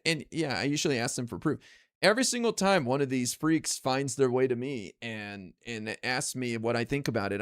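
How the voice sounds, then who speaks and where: A man's voice: medium pitch, dry recording, clean studio sound. A man ranting casually on his stream, exasperated and profane, rambling with lots of fillers. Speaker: political streamer.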